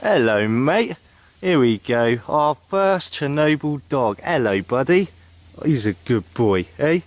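A man talks straight to his camera while exploring outdoors, chatty and quick to joke. His voice swings widely up and down as he gets excited, in a loose, casual vlog style. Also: mid-range voice, no echo. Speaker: vlogger exploring abandoned places. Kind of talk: casual travel vlog narration. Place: outdoors in an abandoned zone.

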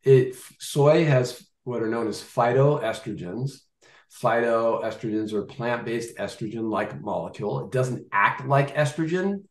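A man's voice: medium pitch, unhurried, reverberant. A man in his fifties talking casually and animatedly about food, acting out shoppers' thoughts in mock voices. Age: 50s. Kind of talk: casual chat.

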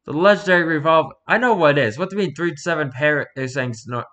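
A man reading out online posts in casual reaction commentary, dropping mocking, sarcastic asides between them. His voice has a bright, forward tone, and he talks like a streamer chatting to viewers. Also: on the high side, lively intonation, fast. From Pacific Northwest.

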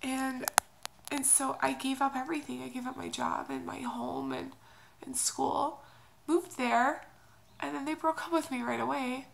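Tearful high-pitched woman, halting. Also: fairly even intonation, vocal fry, slight background noise, low-quality recording. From Oklahoma, USA. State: crying. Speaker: vlogger. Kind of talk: personal confessional vlog.

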